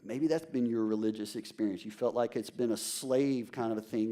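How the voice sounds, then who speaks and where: A man's voice: fairly low pitch, steady tone, brisk, hardly any pauses, dark tone. A man preaching a sermon as a pastor, emphatic and conversational, addressing the congregation directly.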